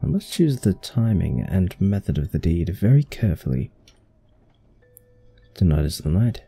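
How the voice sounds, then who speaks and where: A man voicing a scheming young male heir who plots a murder, in a put-on British accent and with a cold, measured delivery. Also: low-pitched, sing-song, gravelly, dark tone, slightly rough, soft background music, full character voice. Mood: coldly scheming. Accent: attempted British accent. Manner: cold, measured villain narration.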